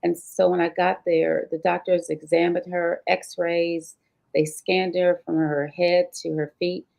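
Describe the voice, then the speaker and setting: A woman with a low, gravelly voice recounts her own hard story as an interview guest. She tells it vividly, slipping into the voices of the people involved. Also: level tone, a little slow, darkish tone. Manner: vivid retelling, acting out dialogue. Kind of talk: emotional personal storytelling.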